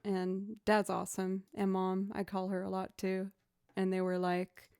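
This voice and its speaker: A woman's voice: medium pitch, monotone, unhurried, few pauses, darkish tone, clear, resonant tone, no room sound, clean studio sound. A young woman chatting casually on a live stream, self-deprecating and encouraging as she talks viewers through her practice. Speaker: musician streamer.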